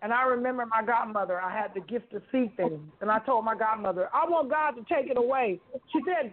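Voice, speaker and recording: A woman's voice: on the high side, expressive, brisk, hardly any pauses. A woman in her fifties giving an emphatic, preacherly spiritual testimony on talk radio, repeating phrases and speaking colloquially. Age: 50s. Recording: phone-like narrow sound.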